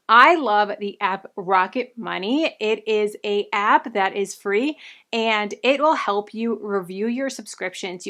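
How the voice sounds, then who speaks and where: A woman's voice: fairly high pitch, fairly bright tone. Slightly breathless woman giving money tips. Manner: upbeat, friendly, enthusiastic recommendations. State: a little out of breath from pregnancy. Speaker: personal finance vlogger. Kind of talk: casual advice talk to camera.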